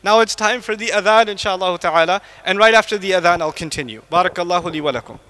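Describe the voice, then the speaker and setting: A man's voice: high-pitched, fast talker, pushed and bright. A man giving a lecture to a live audience in a large mosque hall, quizzing the listeners with repeated questions. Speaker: Islamic lecturer. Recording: long echo of a mosque hall.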